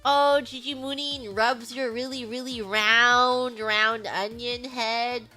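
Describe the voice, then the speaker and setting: A woman streamer in casual livestream chat, excitable and rambling, humming bits of songs between thoughts. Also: on the high side, slow, faint music behind. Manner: excitable, rambling, hums song snippets.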